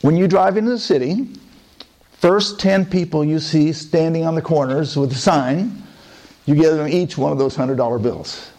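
A man's voice: on the high side, normal speed, a little mellow, natural voice. Man doing a humble poor man.

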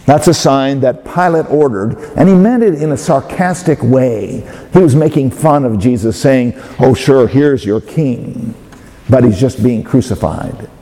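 A man's voice: mid-range voice, animated, dark tone. Man preaching in an echoing hall. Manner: measured, with hesitant fillers and restarts. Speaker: pastor. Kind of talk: sermon. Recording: long hall reverb.

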